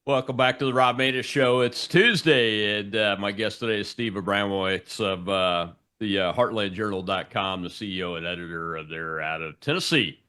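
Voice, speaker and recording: A man hosting a political talk show, speaking haltingly and filling pauses with "uh". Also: on the low side, pushed and bright, clear, resonant tone. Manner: halting, full of "uh" fillers.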